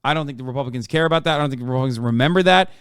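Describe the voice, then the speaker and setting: A man's voice: mid-range voice, rapid-fire, smooth, no room sound, studio quality. A man in his thirties streaming casual, profane commentary on a political debate, sarcastic and mocking. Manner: sarcastic, swears a lot, mocks in put-on voices.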